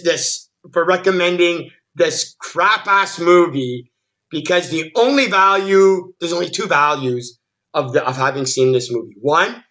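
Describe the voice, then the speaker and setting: A man's voice: sits high, pushed and bright. A man ranting through a movie review, exasperated and swearing, with many stammered restarts. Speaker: film reviewer.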